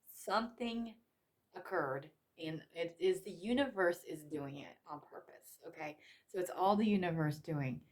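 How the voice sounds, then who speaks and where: Woman tarot reader, lowish voice, earnest and swearing freely. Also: unhurried. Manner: emotional, repetitive, swears casually. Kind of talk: tarot reading.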